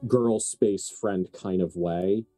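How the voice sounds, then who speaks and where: Dark-voiced man running a horror game. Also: sits low, fairly even intonation, slow, soft background music. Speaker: game master. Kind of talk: narrating a tabletop horror game.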